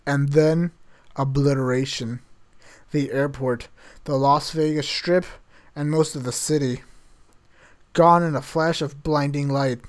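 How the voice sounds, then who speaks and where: A man's voice: fairly high pitch, fairly even intonation, measured pace, long pauses. Man reading a novel aloud with wry asides. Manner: wry, laughs at the text, chatty asides. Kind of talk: casual read-aloud with joking asides.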